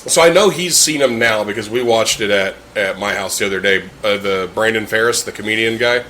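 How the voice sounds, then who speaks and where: Bright-voiced, profane male podcast host. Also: fairly low pitch, a little fast, slight background noise. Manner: profane, laughing, rambling. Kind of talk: casual podcast banter.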